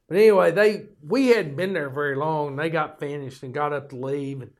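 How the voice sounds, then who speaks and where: A man's voice: on the high side, brisk. An older man with a drawl hosting his own show, telling rambling, profane stories with folksy joking asides. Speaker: podcast host. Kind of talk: rambling storytelling monologue.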